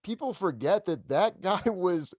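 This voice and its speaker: A man's voice: high-pitched, lively intonation, a little slow, a little mellow, no room sound. A man hosting a podcast, talking in an eager, chatty way. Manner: eager, chatty fan talk. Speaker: podcast host. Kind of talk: casual podcast chat.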